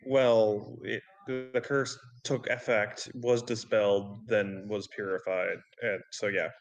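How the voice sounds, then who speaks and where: A man with a somewhat low voice trades blunt, sardonic remarks in character during a tabletop game. He lectures with dry confidence, and a faint hiss sits under his voice. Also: flat delivery, slow, rough recording. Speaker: player.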